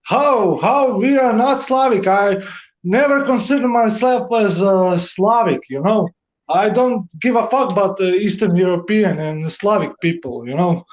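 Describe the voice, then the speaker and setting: A man's voice: high voice, measured pace. Man, Croatian accent, non-native speaker, blunt and emphatic, muffled call audio. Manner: blunt, emphatic, repeats "you know". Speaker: stream caller. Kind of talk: casual chat on a live stream.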